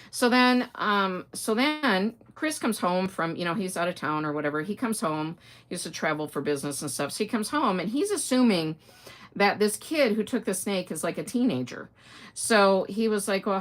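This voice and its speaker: A woman's voice: fairly low pitch, a bit bright. Chatty woman hosting a crafting livestream. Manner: chatty storyteller, reads comments aloud, laughs often. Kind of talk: casual livestream chat. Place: home craft room.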